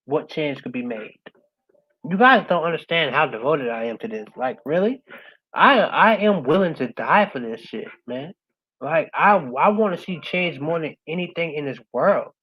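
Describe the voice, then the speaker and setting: A woman's voice: lively intonation, moderate pace, husky, dull audio. Passionate woman giving a motivational talk. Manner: passionate, repeats "right?" after most points; swings between loud urging and soft, low-key closing. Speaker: guest speaker.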